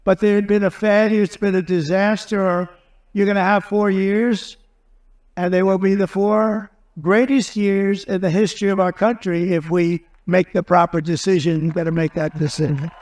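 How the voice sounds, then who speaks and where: Here the candidate's raised, fairly high voice carries a darkish tone, with fairly even intonation and normal speed. He roams between points in his loose rally speech, layering repeated phrases while staying sure of himself and ready to fight.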